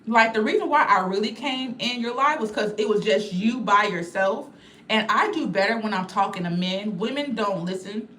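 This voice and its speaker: A woman's voice: medium pitch, normal speed, a bit bright. Woman livestreamer, mid-range voice, rambling and blunt, addresses chat directly; faint background noise. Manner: rambling, talks straight to her viewers; blunt and outspoken.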